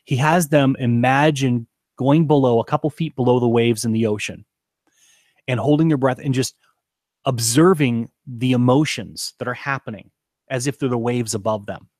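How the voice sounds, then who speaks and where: A man's voice: medium pitch, normal speed, darkish tone, dry recording, studio quality. A man coaching on leadership, talking to camera in an earnest, emphatic way and repeating points for stress. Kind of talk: teaching talk to camera.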